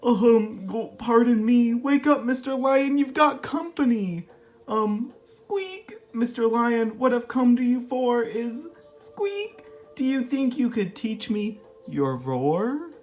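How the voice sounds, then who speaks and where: A timid little boy mouse from a children's storybook squeaks out his words in a high, hesitant voice, as a woman puts him on. He is tiny and nervous but tries hard to sound brave. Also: lively intonation, slow pace, darkish tone.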